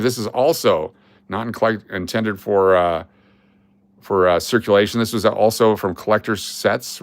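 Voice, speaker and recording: Gravelly man hosting a coin livestream. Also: fairly low pitch. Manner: excitable, hypes finds, chats with viewers. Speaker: coin roll hunting livestream host. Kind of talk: casual live-stream chat.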